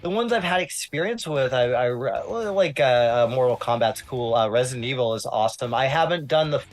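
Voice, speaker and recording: A man, a guest film critic, telling a story in casual, profane, animated chat. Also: mid-range voice, a little fast, soft background music.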